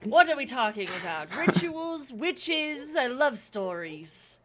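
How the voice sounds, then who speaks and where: A woman's voice: sits high, big pitch swings, takes it slowly, a bit bright, pitched above the performer's own voice, heavily acted. A woman doing a jolly orc shopkeeper. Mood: jovial. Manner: bouncy, cheerful shopkeeper patter. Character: comical male orc shopkeeper in a suit.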